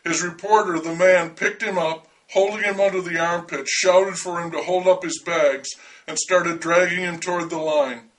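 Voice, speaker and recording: High-voiced man reading a wry story. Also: steady tone, normal speed, a bit bright, far from the mic, low-quality recording. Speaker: narrator. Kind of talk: first-person story reading.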